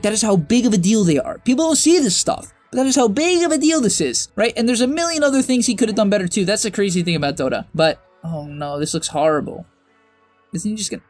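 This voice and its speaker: A young man coaching over a game replay in casual, chatty commentary that bursts into exasperated shouts and laughter. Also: high-pitched, no room sound.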